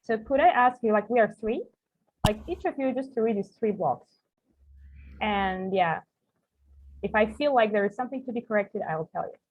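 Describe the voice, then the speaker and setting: Speaking in a mid-range voice with lively intonation, a Russian-accented woman runs an online English lesson for coaches, pausing often at a moderate pace. She explains through examples, peppering her speech with "like," and her husky voice sounds tinny over the video call.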